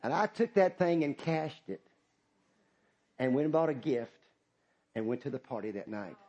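A man's voice: mid-range voice, expressive, moderate pace, darkish tone, muffled recording. A middle-aged man, preaching a sermon as pastor, impassioned and repetitive, calling out to the congregation.

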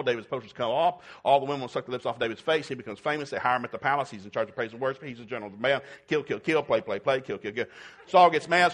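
A man's voice: medium pitch, fairly bright tone. A man preaching a sermon, retelling Bible stories in a folksy, humorous way and acting out the characters. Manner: folksy storytelling with acted-out voices.

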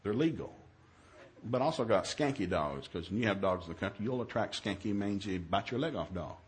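A man who is a minister, telling a humorous story in a sermon, acting out his own yelled lines in a raised voice. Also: a little fast, a little hiss or hum. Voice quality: animated, shifts to high yelling quotes.

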